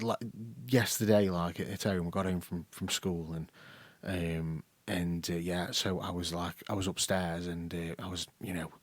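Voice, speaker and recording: A man's voice: deep voice, no room sound. A young man, co-hosting a casual podcast chat, telling an anecdote with lots of laughter. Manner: animated storytelling, laughing, acting out voices. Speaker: podcast co-host.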